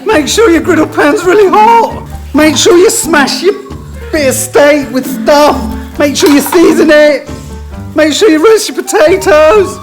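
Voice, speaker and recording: A man putting on the voice of a chirpy TV chef, firing off cooking orders in a high, bouncy voice. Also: lively intonation, measured pace, soft background music, poor audio. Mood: bossy chirpy.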